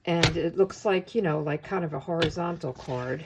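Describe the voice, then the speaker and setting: A woman giving a casual, chatty step-by-step craft tutorial, talking as she works with her hands and often pausing on filler words. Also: sits low, background noise. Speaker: papercraft demonstrator.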